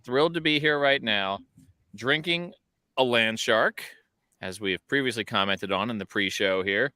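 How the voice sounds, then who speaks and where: A man's voice: mid-range voice, normal speed, bright, forceful tone, no echo, studio quality. A man co-hosting a podcast from an outdoor rooftop deck, chatting casually with self-mocking jokes over a video call. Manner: jokey, self-mocking banter. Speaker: podcast co-host. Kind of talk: casual chat.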